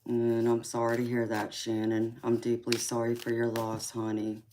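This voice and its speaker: A woman hosting a tarot livestream, chatting softly with viewers and calling them sweetheart and honey. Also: extremely low pitch, completely flat delivery, moderate pace, noisy background. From mixed Japanese, Polynesian, English, Irish and Scandinavian heritage. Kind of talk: casual livestream chat reading out viewer comments.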